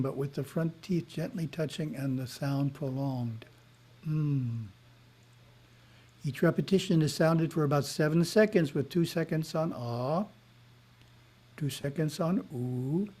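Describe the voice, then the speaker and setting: A man giving a spiritual lesson in a webinar, reading in a measured way with short asides, heard over a video call. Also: mid-range voice, mellow. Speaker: spiritual teacher.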